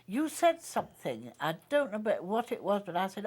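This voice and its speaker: An older woman from Northern England, an actress, telling stories from her career in an animated conversation and laughing often. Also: medium pitch, a little fast, breathy edge. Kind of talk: reminiscing conversation.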